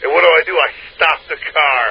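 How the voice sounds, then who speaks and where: A man's voice: a little high, brisk, vocal fry. A man telling a crude, profane anecdote in a casual way, laughing often as he talks. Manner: crude, profane, laughs through his own story. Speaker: hotline storyteller. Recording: dull lo-fi line with faint hiss.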